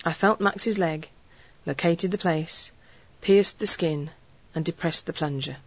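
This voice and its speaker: A woman narrating a story in an earnest, measured storytelling way. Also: sits low, slightly rough, dry recording, dull audio. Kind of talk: audiobook narration.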